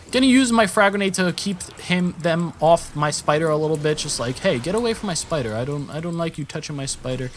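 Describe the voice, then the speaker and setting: With a little hiss or hum in the background, a young man with a higher voice rambles casually about the game he's playing. He often corrects himself and springs up when the action picks up.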